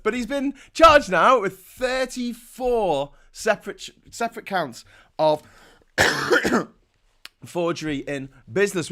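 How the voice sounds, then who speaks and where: A male morning-show host delivers casual satirical commentary in a loose, teasing, chatty way, mocking as he goes. His voice is high for a man and sharp in tone, and laughter keeps breaking into his sentences.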